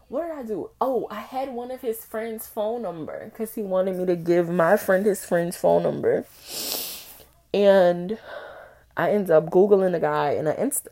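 A young woman hosting a podcast, telling a personal story in a candid, profane, animated way with frequent laughs. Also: medium pitch. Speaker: podcast host.

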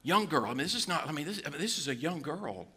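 A male pastor, preaching a sermon with animated storytelling and acted-out quotes. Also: on the high side, fast talker, slightly rough.

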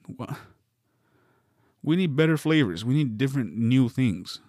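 A man's voice: medium pitch, very animated, normal speed, pauses often, darkish tone, dry recording, clean studio sound. A man from the West Coast, hosting a solo podcast, riffing through a meandering, wry comedic monologue with many self-interruptions.

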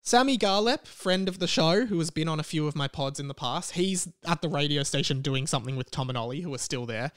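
Young Aussie male host, brisk rambling storyteller, slightly high, smooth clear voice, dry close room. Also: dry recording. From Australia. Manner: animated, breathless venting. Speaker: podcast host.

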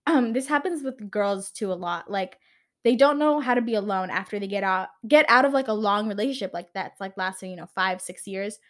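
A woman's voice: mid-range voice, fairly quick. A young woman hosting a solo podcast, talking off the cuff in a rambling way, packing her speech with "like" and swearing now and then. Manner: rambling, heavy "like" filler, swears casually. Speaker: podcast host. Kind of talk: unscripted solo podcast chat.

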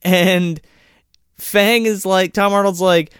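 A man's voice: high voice, slow, smooth, no echo, studio quality. A man casually recapping a movie plot, swearing freely and acting out lines from the film. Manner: profane, animated retelling with quoted character voices. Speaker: podcast co-host.

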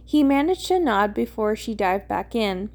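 A woman's voice: medium pitch, big pitch swings, moderate pace, darkish tone. A woman podcast host reading fan fiction aloud casually, with small slips and asides.

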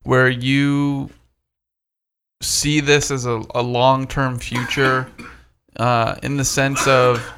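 A man's voice: mid-range voice, a bit bright, a little hiss or hum. A man co-hosting a casual podcast, asking long, rambling, multi-part questions. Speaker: podcast co-host.

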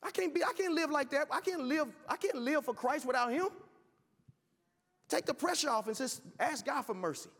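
Impassioned preacher in an echoing hall. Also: male voice, extremely high pitch, expressive, normal speed, fairly bright tone. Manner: impassioned storytelling preacher with repeated restarts. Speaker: pastor. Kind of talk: sermon.

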